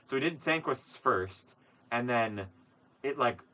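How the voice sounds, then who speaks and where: A man's voice: mid-range voice, expressive, a little slow, pushed and bright. A young man co-hosting a podcast, rambling through a story with lots of fillers and swearing. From Wisconsin. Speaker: podcast co-host. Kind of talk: casual chat.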